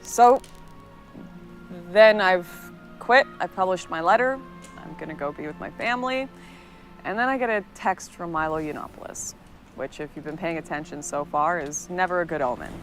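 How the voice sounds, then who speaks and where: A woman's voice: lowish voice, moderate pace, faint music behind. A woman earnestly narrating a personal story in a scripted, recounting way.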